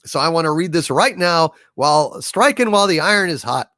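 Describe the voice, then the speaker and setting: Male stream host, animated and joking, gravelly, slightly high. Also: brisk, no echo, studio quality. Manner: animated, reads viewer messages and tells jokes. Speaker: livestream host. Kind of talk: casual live-stream chat.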